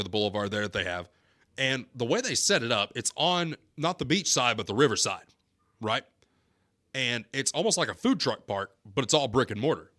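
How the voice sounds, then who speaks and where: A man's voice: mid-range voice, bright, forceful tone. A man, hosting a sports talk radio show and telling stories in a chatty way, laughing easily. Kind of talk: casual radio chat. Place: radio studio.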